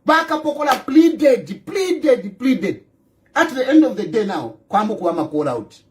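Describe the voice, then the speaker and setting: Animated Zambian man ranting. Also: very high-pitched, measured pace. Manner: emphatic, repeats phrases, fires rhetorical questions; mixes in local-language phrases. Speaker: political commentator. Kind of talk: ranting monologue.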